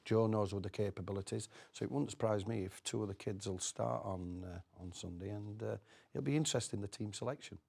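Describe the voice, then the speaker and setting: A male pundit talks through the coming match in an easygoing, halting way, full of fillers and restarts. His voice is low and gravelly with a lot of creak. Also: darkish tone. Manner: hesitant, many "uh"s and restarts. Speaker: studio pundit. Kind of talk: casual football chat.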